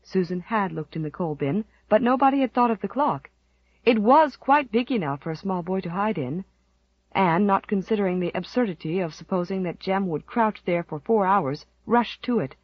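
Expressive woman audiobook narrator. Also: medium pitch, normal speed, dry recording, highs cut off. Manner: expressive, dramatic storytelling. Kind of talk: scripted narration.

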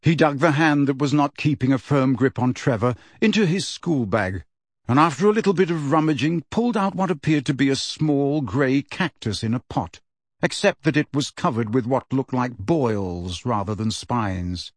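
A man narrating an audiobook in a measured, steady storytelling voice. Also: mid-range voice, no echo.

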